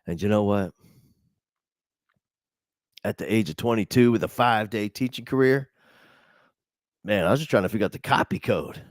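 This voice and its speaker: A man giving a storytelling keynote to teachers, animated and self-mocking, laughing often and jumping high in pitch when he quotes people. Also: normal speed, pauses often, no room sound, studio quality. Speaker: conference speaker for teachers. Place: online conference session.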